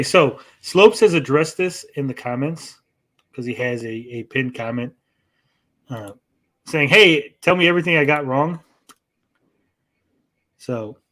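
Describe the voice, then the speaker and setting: A man hosting a reaction stream tells a long story in casual chat, his medium-pitched voice fairly bright. He often ends sentences with "right?" and acts out quoted exchanges in a raised voice.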